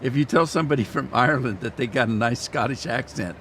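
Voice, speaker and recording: Male gaming streamer, folksy and rambling, scratchy throat he keeps clearing, casual live chat. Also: medium pitch, fast, a bit bright. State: throat irritated, clearing throat often. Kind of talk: casual chat to live viewers while playing.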